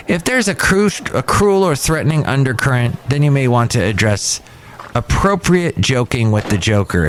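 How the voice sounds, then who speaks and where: A man's voice: mid-range voice, big pitch swings, moderate pace, a little hiss or hum. A man in his fifties hosting a podcast in a rambling, conversational manner, with frequent restarts. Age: 50s. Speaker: podcast host. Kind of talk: casual chat. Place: cafe.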